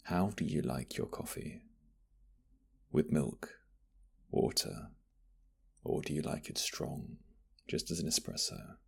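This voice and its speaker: A man playing a husky, gravelly flirty barista in whispered role-play. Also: rumbling low, takes it slowly, pauses often, exaggerated voice. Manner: flirty, teasing, soft-spoken. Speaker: ASMR roleplay voice actor.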